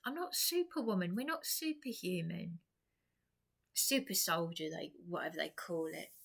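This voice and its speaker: A woman's voice: on the low side, moderate pace, vocal fry, fairly bright tone. An exhausted woman vlogger talking in a rambling personal monologue, repeating herself, restarting and dropping to whispers.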